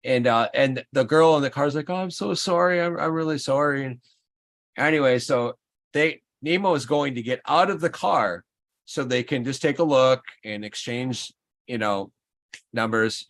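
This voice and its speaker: Stream host guy, mid pitch, animated storyteller, lots of restarts. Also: unhurried. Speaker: livestream host. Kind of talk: casual chat.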